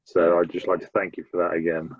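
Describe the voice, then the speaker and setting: A man with a Midlands English accent co-hosting a podcast, with a very deep, husky voice and dry, sarcastic remarks. His voice comes through dull and lo-fi. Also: monotone, quick pace. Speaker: podcast host. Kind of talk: casual chat. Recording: dull lo-fi sound.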